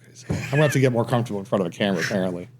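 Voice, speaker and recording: A man's voice: fairly low pitch, racing, a little mellow, slight background noise. A man, a pizza franchise owner, talking casually as a podcast guest, reserved and self-deprecating, often trailing off.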